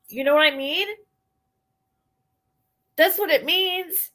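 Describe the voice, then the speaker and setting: A woman's voice: very high voice, unhurried, pushed and bright. A woman livestreaming a casual rant to her chat, blunt and profane, sounding exasperated as she talks things through.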